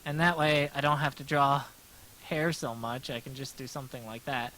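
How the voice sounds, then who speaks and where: A man's voice: medium pitch, flat delivery, normal speed, pushed and bright, low-quality recording. A man chatting casually on a livestream while he sketches, rambling and poking fun at himself, with many restarts. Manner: rambling, self-deprecating, lots of restarts. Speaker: streamer and artist.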